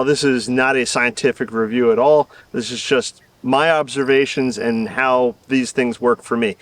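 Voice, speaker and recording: A middle-aged Southern US man hosts a gardening channel, rambling through a casual outdoor video with self-deprecating humor and chuckles. His mid-range voice has a fairly bright tone and the recording is dry. Filmed in his garden, he sounds slightly distant because the camera mic sits a little away from him.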